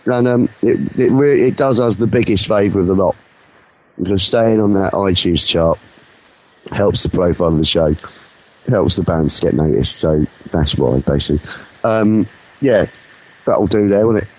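A man's voice: sits low, normal speed, rough recording. A man co-hosting a casual music podcast, cheeky and swearing as he chats with his mouth full. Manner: cheeky, swears, talks while eating. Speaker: podcast co-host. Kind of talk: casual radio banter. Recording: music playing behind.

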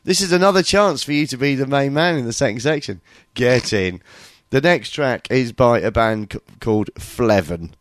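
A man's voice: medium pitch, expressive, moderate pace, few pauses, dry recording. A man co-hosting a podcast, sweary and mocking, a bit tipsy. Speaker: podcast co-host. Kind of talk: irreverent podcast banter.

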